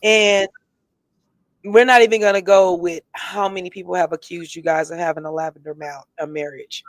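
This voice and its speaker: A woman's voice: lowish voice, fairly even intonation, moderate pace, dry recording. A woman co-hosting a casual gossip show, talking bluntly and sassily, with emphatic repeats and a tipsy edge. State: tipsy, has been drinking. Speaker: co-host.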